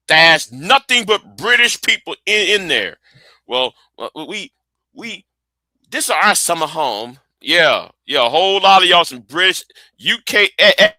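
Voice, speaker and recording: A man's voice: fairly high pitch, sharp tone, no room sound. A man chatting casually on his live stream, rambling and profane, often repeating words while he thinks.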